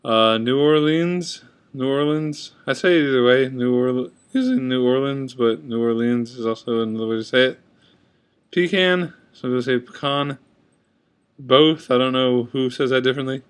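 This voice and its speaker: Young-sounding guy, clear resonant voice, relaxed webcam vlog chatter, offhand and chatty. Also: mid-range voice, moderate pace. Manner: reads word list, comments offhand. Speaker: vlogger. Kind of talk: casual accent tag video. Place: indoors at a computer. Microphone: webcam at computer.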